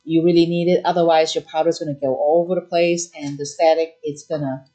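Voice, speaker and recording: Chatty woman, middle-aged, doing a live craft shop demo, talks fast with lots of ums. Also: low voice, little pitch movement, dark tone, a little hiss or hum. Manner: quick, chatty explaining with fillers. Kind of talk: live product demo chat.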